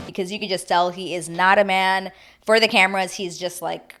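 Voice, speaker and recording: A woman hosting a casual reality-TV recap, animated and opinionated, swearing freely. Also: medium pitch, brisk, soft background music. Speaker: TV recap host.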